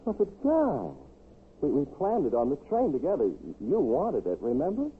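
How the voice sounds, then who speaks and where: Bruno, a giggling, unhinged killer. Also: male voice, a little high, wildly swooping pitch, normal speed. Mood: eager. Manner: sly, wheedling, giggling. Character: unhinged, ingratiating young man, a murderer. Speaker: villain. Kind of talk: 1950s radio drama acting. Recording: tinny, hissy 1950s radio broadcast.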